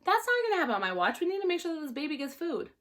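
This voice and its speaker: A young woman with a slightly high voice tells a story from her job as a flight attendant in a casual vlog. She talks with animated exasperation and bursts into loud disbelief. Her delivery is lively and chatty. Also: racing.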